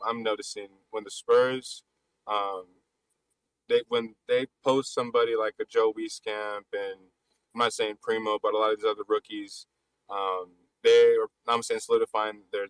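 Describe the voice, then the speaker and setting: A man hosting a casual live basketball chat, talking fast and loosely with frequent restarts. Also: lowish voice, fairly bright tone, no echo, rough recording. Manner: rapid, loose talk with many restarts. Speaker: podcast host.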